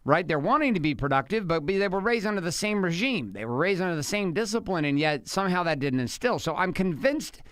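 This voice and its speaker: A man's voice: high voice, sing-song, brisk, fairly bright tone, dry recording, clean studio sound. A middle-aged man co-hosting a podcast, talking casually and emphatically with his wife, repeating his points. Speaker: podcast co-host.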